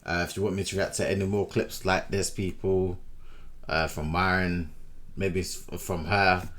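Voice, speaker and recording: A man's voice: low voice, little pitch movement, moderate pace, a bit bright. A British man hosting a reaction video, talking straight to his viewers in a casual way. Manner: addresses viewers directly, repeats "people". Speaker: reaction channel host.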